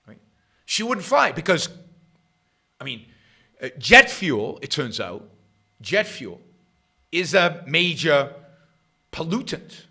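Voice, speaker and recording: A middle-aged man hosting his own show, giving sarcastic political commentary that swings between loud jabs and muttered asides. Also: a little high, sing-song, slow, vocal fry, long pauses, slightly rough. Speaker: podcast host.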